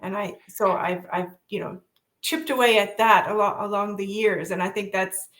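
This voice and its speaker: A woman's voice: mid-range voice, fairly even intonation, moderate pace, a bit bright. A woman speaking on a discussion panel, thinking aloud reflectively. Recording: echoey room.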